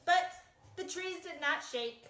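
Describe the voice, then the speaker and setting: A woman reading a picture book aloud to children in an animated, encouraging way and asking them to join in. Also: very high-pitched, takes it slowly, a little hiss or hum. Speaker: storytime reader. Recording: echoey room.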